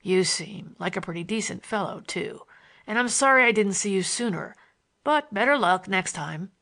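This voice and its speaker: A woman voicing a sly, grinning man with a broad Western American drawl, pitched lower than her own voice, in a storybook reading. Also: expressive, moderate pace, fairly bright tone. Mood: mocking drawl.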